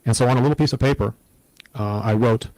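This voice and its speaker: A middle-aged man speaks in an earnest, reflective way, recounting hard times as an interview guest. His voice is dark and mellow, recorded close and dry with no room sound. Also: medium pitch, fast talker, no room sound, low-quality recording. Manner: earnest, reflective, steady storytelling. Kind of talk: personal testimony in an interview.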